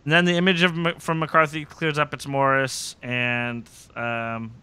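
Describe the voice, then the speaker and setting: A man with a medium-pitched, smooth voice hosts a podcast, speaking a little slowly with no room sound. He casually recaps a TV episode in an animated way, acting out characters' lines in put-on voices.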